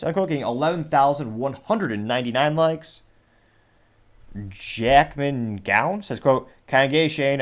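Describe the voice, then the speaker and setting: A man hosting a casual commentary show, reading social media comments aloud with wry, rambling asides and frequent self-corrections. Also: medium pitch. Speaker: host.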